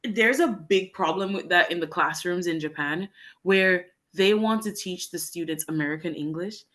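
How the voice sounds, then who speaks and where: A woman's voice: fairly low pitch, normal speed, a bit bright. Woman telling teaching stories. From Jamaica. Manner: storytelling, acts out quoted exchanges. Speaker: guest, English teacher in Japan. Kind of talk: casual interview chat.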